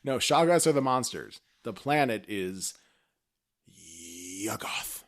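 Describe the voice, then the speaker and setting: A man co-hosting a podcast, chatting casually and playfully about a TV episode like an excited fan. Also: medium pitch, normal speed. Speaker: podcast co-host. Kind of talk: casual chat recapping a TV episode.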